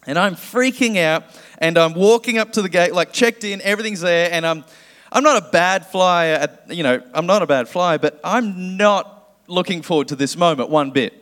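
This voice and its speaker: A male pastor preaching a sermon, praying and then telling a lively comic story with acted dialogue. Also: high voice, normal speed. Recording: long hall reverb.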